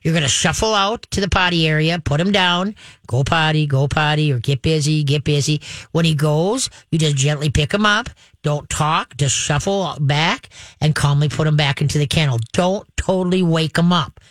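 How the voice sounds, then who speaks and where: A woman giving puppy training advice on a radio show, folksy and chatty, checking in with a steady stream of "okay?". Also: sits low, normal speed, no room sound. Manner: folksy, checks in with frequent "okay?", chants the commands.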